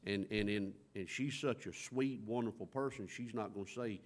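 Speaking at a normal speed in a voice on the low side, a middle-aged man delivers a folksy, story-driven sermon in a conversational tone, dramatizing the scripture he quotes.

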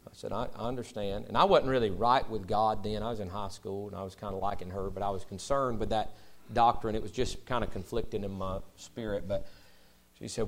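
A man's voice: fairly low pitch, fairly even intonation, normal speed. A young adult man, a pastor preaching a sermon in a conversational way that rises into emphatic bursts.

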